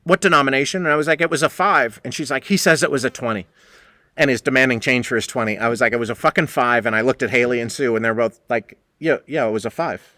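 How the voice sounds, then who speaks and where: Middle-aged New man, casual storyteller, bright forceful voice, very dry close sound. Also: medium pitch, quick pace, no room sound. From New England, United States. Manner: animated, profane, acts out quoted voices. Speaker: podcast host telling a story.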